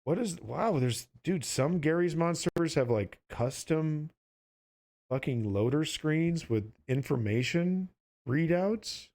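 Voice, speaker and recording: A drowsy man talks his way through a game stream at a slow, unhurried pace. His commentary is loose, goofy and full of swearing as he rambles from one thing to the next. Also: a little high, expressive, darkish tone. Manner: goofy, profane, rambling banter. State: sleepy. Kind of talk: casual gameplay commentary.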